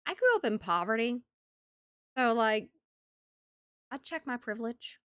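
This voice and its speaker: A woman streamer in casual chat from home, animated and laughing often between thoughts. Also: on the high side, unhurried, smooth, no room sound. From United States.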